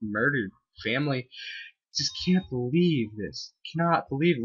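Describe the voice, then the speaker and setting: A man talks through a video game he's playing, excitable and quick to whoop or yell at it. His husky voice swings widely in pitch. The recording sounds dull and lo-fi. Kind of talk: let's-play commentary.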